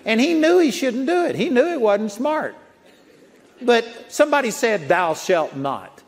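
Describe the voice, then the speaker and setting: Very high-pitched with lively intonation, a man preaches a sermon at normal speed in a folksy storytelling style. He chuckles at his own anecdotes as he goes. Recorded in a large auditorium, his voice carries a long reverb.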